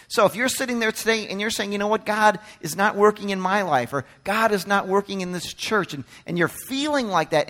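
High, bright-voiced male preacher. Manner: swings from hushed and gentle to loud and emphatic; acts out quoted speech in his sermon. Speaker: pastor. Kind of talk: sermon.

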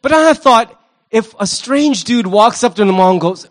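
A pastor preaching a sermon, animated, acting out the voices he quotes and repeating words as he starts a thought. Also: very high voice, normal speed.

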